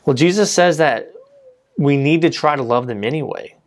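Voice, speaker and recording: A man's voice: a little high, moderate pace. A man giving a casual, conversational sermon, often saying "you know" and restarting his sentences. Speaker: preacher.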